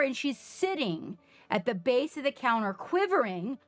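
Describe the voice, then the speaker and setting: A woman streamer chatting casually on a live stream from home, telling a story with lively quoted reactions. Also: a little high, moderate pace, soft background music.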